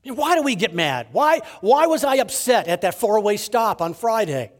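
A man delivers a sermon in a fairly high voice that climbs and falls with great liveliness. He pushes hard on key words, then sinks to hushed, almost whispered endings. He leans on rhetorical questions and repeats words for emphasis. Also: moderate pace, big-room sound. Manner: animated preaching, rising to emphasis then dropping to near-whispers. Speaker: pastor.

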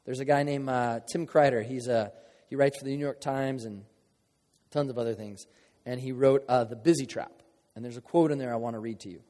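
A man's voice: medium pitch, fairly even intonation, a little fast, dark tone. A man preaching a sermon as a pastor, earnest and conversational, with emotional moments and playful asides. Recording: long reverb of a large hall.

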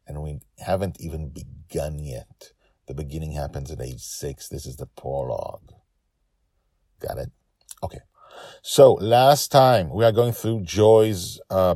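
A man's voice: a bass voice, creaky, dark tone, slightly rough, dry recording, clean studio sound. A man hosting and narrating his own storytelling podcast in a chatty way, repeating words for emphasis. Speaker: podcast host and author.

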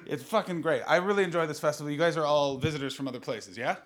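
A man in his thirties from Canada, hosting a live improvised comedy podcast and doing crowd work in a small room, riffing brashly with lots of swearing. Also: a little high. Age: 30s. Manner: brash, profane, rapid riffing that bursts into shouting.

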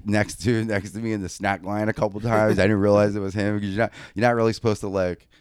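Young male podcast co-host, low smooth voice, rambling and profane storyteller. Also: fast, no room sound. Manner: animated, profane, rambling with many fillers. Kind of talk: casual storytelling.

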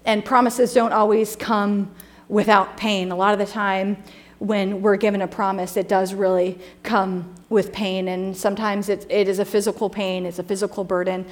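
A woman's voice: medium pitch, little pitch movement, normal speed. A young woman delivers a sermon in a loose, conversational storytelling style. She drifts through personal anecdotes with plenty of "um"s and restarts before easing into scripture. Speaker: preacher.

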